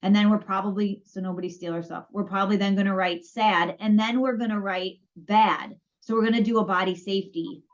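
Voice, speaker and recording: A woman's voice: medium pitch, steady tone, fairly quick, few pauses. A woman co-hosting a podcast, chatting casually and acting out both sides of past conversations as she tells a story. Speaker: podcast co-host. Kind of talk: casual chat. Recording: dull lo-fi audio.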